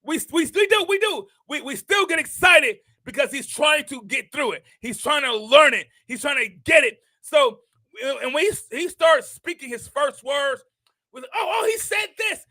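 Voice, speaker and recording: An older man hosting a show, preaching a motivational message with impassioned repetition that rises into shouts. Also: very high voice, lively intonation, moderate pace, no room sound. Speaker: host.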